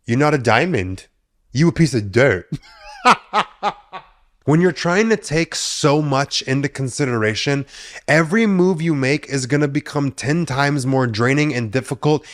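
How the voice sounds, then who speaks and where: A man's voice: mid-range voice, expressive, moderate pace. A man hosting a solo podcast, giving blunt, profane advice and laughing often at his own jokes. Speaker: podcast host. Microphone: podcast mic.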